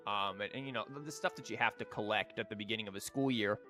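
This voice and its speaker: A man's voice: fairly low pitch, quick pace, pushed and bright, soft background music. A young man streaming a game, rambling and joking with frequent stammers. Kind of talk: casual gameplay commentary.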